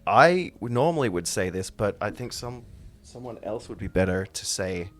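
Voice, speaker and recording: A man's voice: fairly low pitch, lively intonation, moderate pace, faint music behind. A man narrating as game master of a tabletop game, casual and swearing often.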